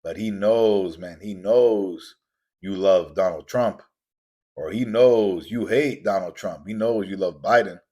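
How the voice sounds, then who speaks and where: Slow and low-pitched, with a darkish tone, a man delivers a motivational monologue on his podcast. It is intense, preachy, and repetitive, and he voices the people he quotes.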